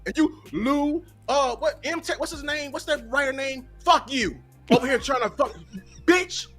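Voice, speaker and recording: A man's voice: very high-pitched, moderate pace, a bit bright, faint music behind. A man and content creator delivering a heated, profane tirade during a live watch-party stream.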